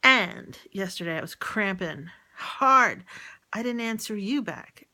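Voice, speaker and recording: Rambling woman with a bright, tense voice. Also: medium pitch, expressive. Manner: halting and rambling, often trails off; venting about a relative. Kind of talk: personal audio diary, rambling.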